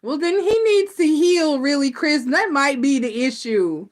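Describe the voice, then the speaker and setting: A middle-aged woman hosting a live tarot stream, chatting casually and telling stories in a blunt, animated way. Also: high voice, unhurried. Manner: animated storytelling, blunt and laughing. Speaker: tarot reader host.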